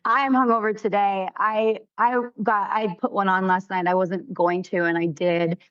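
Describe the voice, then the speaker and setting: A woman's voice: medium pitch, flat delivery, moderate pace, fairly bright tone, smooth, lo-fi sound. A woman in her thirties co-hosting a casual podcast chat, candid and easygoing, often giggling. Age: 30s. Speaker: podcast co-host.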